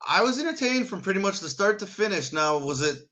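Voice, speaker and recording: A man's voice: sits high, very animated, a little fast, sharp tone. A man co-hosting a live wrestling watch-party stream, chatting enthusiastically with rambling restarts. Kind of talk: casual live-stream chat.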